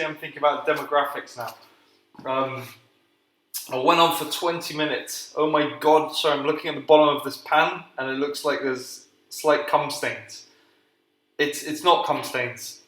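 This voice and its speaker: A man's voice: medium pitch, a bit bright, roomy sound, a little hiss or hum, rough recording. A man rambling and swearing through a casual solo podcast while cooking at home, self-deprecating and unpolished. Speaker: podcast host.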